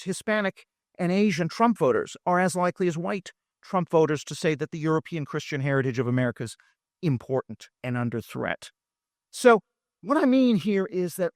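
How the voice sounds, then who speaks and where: A man's voice: on the high side, no room sound, studio quality. Emphatic man arguing in a debate. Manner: argumentative, emphatic lecturing with many fillers. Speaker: debate panelist. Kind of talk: live debate speech. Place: festival debate stage.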